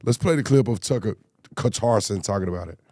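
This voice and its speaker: Exasperated man ranting, deep and mellow. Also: a little fast, no room sound, clean studio sound. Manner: exasperated, repetitive, rhetorical questions. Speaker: political commentary host. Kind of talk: casual commentary rant.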